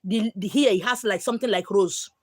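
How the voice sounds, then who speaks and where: A woman's voice: medium pitch, brisk, slightly rough. A Nigerian woman hosting a live stream who tells stories candidly and animatedly, slipping into pidgin. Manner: animated, mixing in pidgin, acting out quotes.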